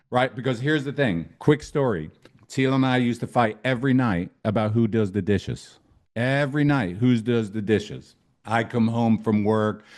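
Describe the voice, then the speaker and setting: Male couples therapist from Ireland, animated storyteller, emphatic and profane. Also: on the low side. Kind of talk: storytelling talk.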